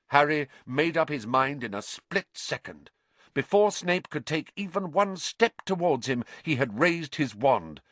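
A man reads a story aloud as narrator, with expressive delivery. His pitch moves a great deal through each sentence. The recording is close and dry. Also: a little slow, dry recording. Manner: expressive reading. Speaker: audiobook narrator. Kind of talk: scripted narration.

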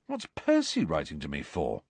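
A man's voice: very deep voice, wildly swooping pitch, normal speed, a little mellow, slightly rough, no room sound, voice pushed down, exaggerated voice. Storybook: grumpy harried teen boy, curt and sulky, read by a man.

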